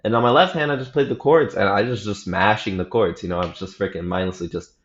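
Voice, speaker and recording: A man's voice: fairly low pitch, quick pace, very noisy. A young man giving a casual, rambling report on his practice, often correcting himself and dropping slang. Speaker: practice vlogger. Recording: roomy, slightly dull home recording.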